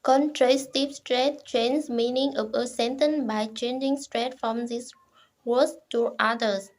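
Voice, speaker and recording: A young woman presents to her class. Her voice sits high, and she reads slowly and formally in short, halting phrases. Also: fairly even intonation. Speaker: student presenter.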